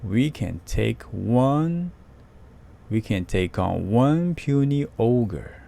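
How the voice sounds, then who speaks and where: A man's voice: mid-range voice, animated, very slow, gravelly, mellow, exaggerated voice. A man growling as Tough, a bullying billy goat. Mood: scoffing. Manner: growling, scoffing.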